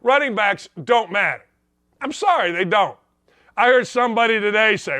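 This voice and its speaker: A middle-aged man hosting a sports show, ranting in a loud, blunt, sarcastic way. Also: high voice, animated, moderate pace, no echo.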